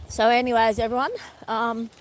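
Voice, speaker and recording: A woman's voice: a little high, flat delivery, moderate pace, a little hiss or hum, low-quality recording. A middle-aged woman vlogging casually while walking her dogs outdoors, chatting to her viewers and turning to talk to the dogs now and then. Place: outdoors on a walk by water. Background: birds and dogs.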